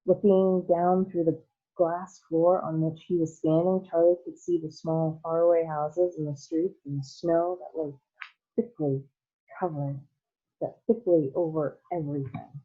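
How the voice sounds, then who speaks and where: Lady teacher reading a kids' book aloud, breathy voice, sounds like a phone. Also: low-pitched, fairly even intonation, a little slow, lo-fi sound. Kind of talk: reading a children's novel aloud.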